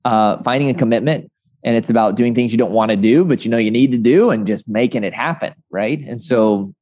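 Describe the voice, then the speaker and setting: A man's voice: mid-range voice, a little fast, darkish tone. A man in casual business conversation, talking animatedly and peppering his speech with "like" and a questioning "right?".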